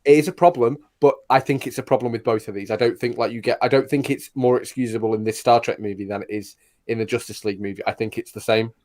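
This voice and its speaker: A man's voice: medium pitch, fairly even intonation, quick pace, darkish tone. A man co-hosting a casual film podcast, speaking in a wry, laid-back way. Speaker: podcast co-host. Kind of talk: casual chat.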